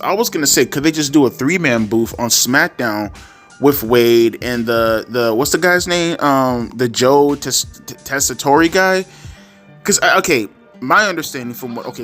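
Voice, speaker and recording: A man talking casually in a mid-range voice, rambling through his opinions with constant restarts, self-corrections and the odd swear word. Soft instrumental music plays faintly underneath. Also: mid-range voice. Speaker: wrestling commentary YouTuber.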